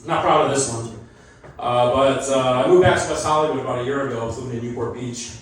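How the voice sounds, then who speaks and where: A man's voice: medium pitch, quick pace, recorded from a distance, slight background noise. A middle-aged man doing a loose, rambling stand-up comedy set on a club stage, laughing at his own jokes. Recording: echoey club, mic heard from afar, loud crowd.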